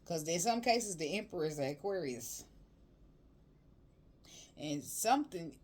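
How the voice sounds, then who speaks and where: A woman's voice: deep voice, a little mellow. A woman reading tarot cards in a chatty, emotional, colloquial way. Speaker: tarot reader.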